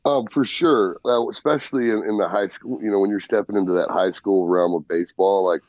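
A man who is a guest on a podcast, talking in relaxed casual chat and chiming in. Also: fairly low pitch, a little fast, no echo. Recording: dull lo-fi sound, a bit off-mic.

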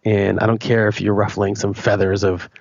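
A man with a low, gravelly, slightly husky voice gives his opinions bluntly on a podcast, swearing freely and restarting his sentences. The audio is dry and a little dull. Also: little pitch movement, moderate pace, no echo. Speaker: podcast co-host. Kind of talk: casual opinionated chat.

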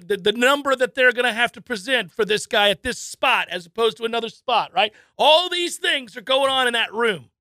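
A man's voice: high-pitched, no echo, studio quality. A man co-hosting a casual sports talk show, telling stories with lots of acted-out voices and frequent laughter. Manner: animated storyteller, acts out voices, laughs often. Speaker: sports radio co-host.

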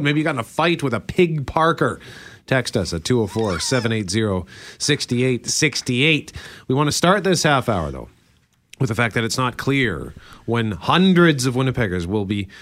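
A male broadcaster whose pitch swings widely as he talks. He gets passionate and loud quickly, then eases back into radio banter and promos. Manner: animated, gets fired up and loud when passionate. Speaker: radio host. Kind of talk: morning radio chat.

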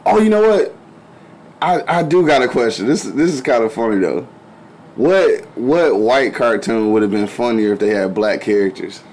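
A man hosts a loose, profane chat among friends. His pitch jumps around animatedly as he laughs and riffs. A faint noise floor sits under the voice. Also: expressive, normal speed, a little mellow. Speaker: podcast host. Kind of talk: casual chat.

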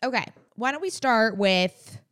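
Lively, teasing woman co-host. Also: on the high side, a little slow. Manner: teasing, blunt, laughs a lot. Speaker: podcast co-host. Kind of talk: casual chat.

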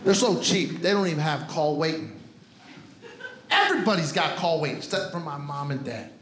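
A stand-up comedian from Brooklyn, telling streetwise stories with a punchy delivery. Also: male voice, fairly high pitch, big pitch swings, normal speed. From Brooklyn, New York. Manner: streetwise, punchy, shouting into put-on voices. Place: comedy club stage. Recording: roomy live club recording with noise.

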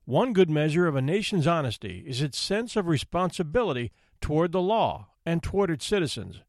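An expressive male storyteller reads a classic tale with a lively, swooping delivery in a slightly high voice. The recording is close and dry, with no room sound. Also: a little fast, no echo. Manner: expressive, theatrical reading. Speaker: narrator. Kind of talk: storybook narration.

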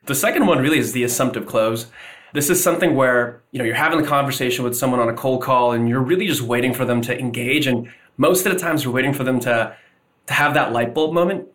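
Male podcast guest, relaxed sales talk with acted call snippets. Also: medium pitch, fast. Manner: casual, acts out sample cold-call lines. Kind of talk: casual podcast interview.

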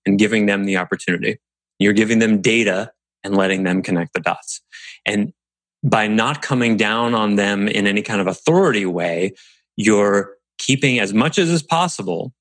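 A man with a low voice talks through workplace leadership like a coach, relaxed and conversational, slipping into quick played-out dialogue. The recording is dry and close, with no room sound. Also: no echo. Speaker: business coach. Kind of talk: casual instructional talk.

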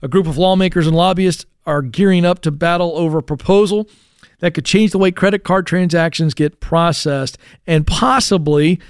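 A man's voice: fairly high pitch, moderate pace, smooth, no room sound, studio quality. A man hosting a talk radio show, explaining a news story in a chatty way with asides and fillers. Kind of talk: casual talk radio chat.

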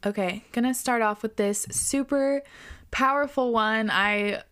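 A woman's voice: on the high side, a little slow, fairly bright tone, clean tone. A young adult woman hosting a podcast alone, talking in a chatty, reflective way with lots of fillers. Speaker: podcast host. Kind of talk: casual solo podcast talk.

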